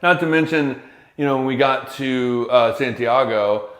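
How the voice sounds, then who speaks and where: Male podcast co-host, lively casual storyteller, average pitch, echoey room sound. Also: a little slow. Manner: animated, acts out quotes. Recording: roomy echo.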